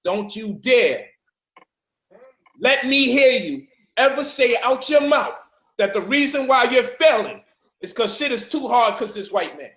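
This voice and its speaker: High-voiced man preaching hard in an echoey room. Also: big pitch swings, a little slow. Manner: forceful, profane, preaching. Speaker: speaker in a debate. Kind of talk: heated discussion.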